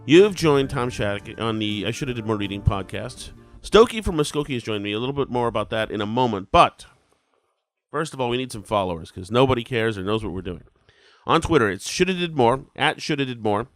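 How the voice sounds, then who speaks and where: With faint music behind him and no echo, a man in his 40s hosts a laid-back podcast, rambling and self-deprecating, stuffed up from a head cold. He talks briskly and expressively at a medium pitch.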